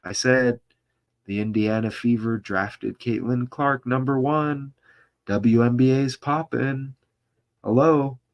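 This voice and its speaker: A man reads an article aloud at an unhurried, drawn-out pace, his voice sitting in a middling register. He stops often to add his own remarks, asks rhetorical questions and stumbles over unfamiliar names. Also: medium pitch, steady tone, muffled recording. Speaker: vlogger. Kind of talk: reading an article aloud with running commentary.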